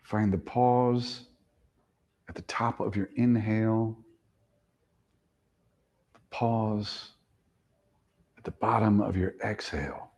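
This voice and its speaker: Soft-spoken man guiding relaxation. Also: fairly low pitch, steady tone, husky. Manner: slow, soothing cues that trail off softly. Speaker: yoga instructor. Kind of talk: guided relaxation instruction.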